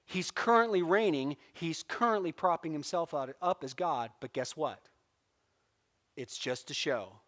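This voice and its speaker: A man's voice: on the high side, a little slow, fairly bright tone. A middle-aged man from California teaching a church Bible class, telling stories with acted-out quotes and laughs. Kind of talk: casual Bible lesson.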